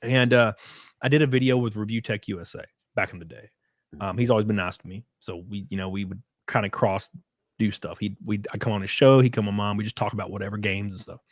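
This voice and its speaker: A man's voice: on the low side, fast talker, no room sound, clean studio sound. A man telling rambling stories in casual chat, full of fillers and acted-out quotes. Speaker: guest on a live stream.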